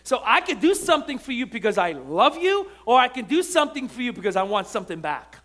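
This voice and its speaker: A man's voice: very high voice, sing-song, quick pace, a bit bright. A male pastor preaching a sermon in church, moving between chatty storytelling full of restarts and emphatic, repeated lines. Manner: conversational storytelling with frequent restarts. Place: church sanctuary.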